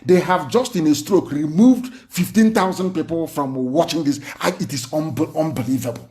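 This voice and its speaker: A man's voice: fairly high pitch, normal speed, a little mellow. Indignant man, raised voice. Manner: impassioned, indignant, rhetorical questions. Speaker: political speaker. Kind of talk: livestreamed speech.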